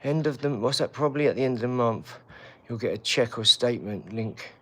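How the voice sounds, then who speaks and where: A man's voice: mid-range voice, expressive, fairly quick, pushed and bright. A man hosting a live stream, chatting casually to viewers and telling stories, calling them mate and geezer. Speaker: livestream host. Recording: echoey room, mic at a distance.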